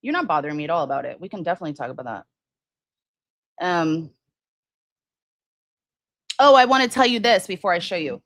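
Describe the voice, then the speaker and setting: A woman's voice: lowish voice, expressive, brisk, long pauses, a bit bright, no room sound. Rambling woman hosting a crime livestream. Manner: rambling, many fillers and restarts, reads viewer comments. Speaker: livestream host. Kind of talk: casual true-crime livestream chat.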